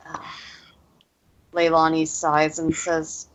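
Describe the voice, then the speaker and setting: Slow-talking, hesitant woman player. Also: low voice, fairly bright tone. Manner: hesitant, halting. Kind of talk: tabletop role-play chat.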